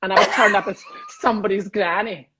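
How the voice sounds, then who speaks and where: A man's voice: sits high, steady tone, quick pace, very noisy. A Scottish comedian in his fifties, chatting cheekily and rambling on a video call, often laughing at his own jokes. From Scotland. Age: 50s. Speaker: comedian guest. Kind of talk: casual livestream chat.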